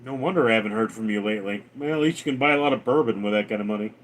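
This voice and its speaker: A man hosting a casual livestream, reading viewer comments aloud in a raised voice and answering them lower and faster. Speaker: livestream host.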